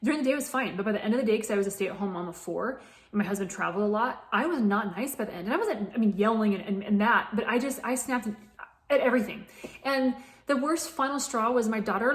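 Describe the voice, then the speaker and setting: A woman's voice: fairly high pitch, fast talker. A woman in her late thirties, a fitness coach, telling her own story in a candid, chatty way. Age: 30s. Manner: candid and chatty, many restarts. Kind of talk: personal story told to camera. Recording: echoey room.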